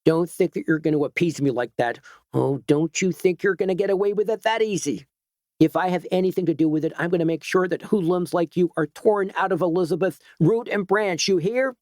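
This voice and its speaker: Casting: a man playing an outraged shopkeeper, tight and lecturing, pitched up, dry close sound. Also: animated, moderate pace, no echo. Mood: indignant. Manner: tight-voiced, lecturing, rising to shouts. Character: indignant male store owner, tense and stern.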